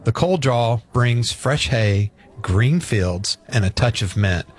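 A man in a relaxed chat reads tasting notes aloud. He is playful and easygoing, at a middle pitch. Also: slow. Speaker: podcast co-host.

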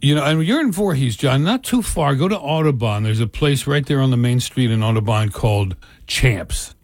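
An older man co-hosts a radio talk show in loose, rambling chat that keeps restarting and wandering into asides. His voice sits in a middle pitch. The studio sound is dry and close. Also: animated, normal speed, dry recording. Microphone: studio microphone.

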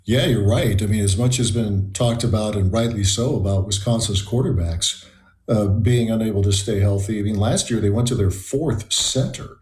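A man giving measured, analytical commentary on a sports talk show. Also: lowish voice, darkish tone, roomy sound.

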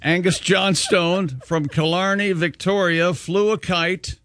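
A man on a morning radio show runs through sports scores and odd news, breaking off for jokes. His voice sits a little high for a man. The studio sound is dry and close. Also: steady tone, slow, a bit bright, dry recording. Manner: joking, plays out scenes in a mock pep-talk. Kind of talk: casual radio banter, reading news items.

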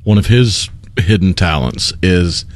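A man's voice: low voice, animated, a little slow, dry recording. A man in casual conversation, explaining language history in a lecturing way. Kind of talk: casual chat.

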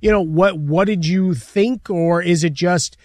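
A man's voice: sits high, darkish tone, dry recording. A man co-hosting sports radio, bantering casually with his partner. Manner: quick, joking banter. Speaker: radio co-host.

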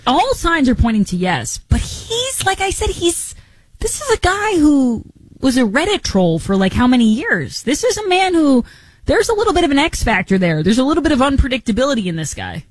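A woman's voice: sits high, sing-song, brisk, dry recording, rough recording. A woman hosting a political talk show, giving opinionated commentary with incredulous rhetorical questions.

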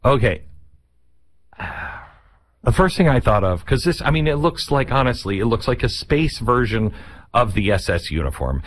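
A man hosting a casual commentary monologue, rambling and sarcastic, with frequent asides and a voice that jumps higher when he mocks something. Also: lively intonation, moderate pace, long pauses. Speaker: show host.

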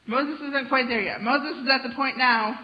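A woman preacher giving a sermon in an animated, conversational storytelling manner. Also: sits high, normal speed. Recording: dull lo-fi sound.

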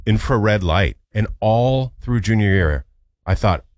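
A man co-hosting a morning radio show, telling a story in an animated way. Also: lowish voice, takes it slowly, dry recording, clean studio sound. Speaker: radio co-host.

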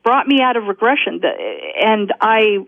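A woman's voice: a little high, moderate pace, dry recording. A woman guest telling a personal story in a rambling, self-interrupting way, often breaking into laughter. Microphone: telephone. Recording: tinny phone line.

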